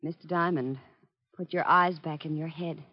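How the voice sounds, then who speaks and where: A feisty young photographer. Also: female voice, sits low, fairly even intonation, normal speed. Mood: worried. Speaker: restaurant photographer. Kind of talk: 1940s radio acting. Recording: dull lo-fi 1940s radio recording.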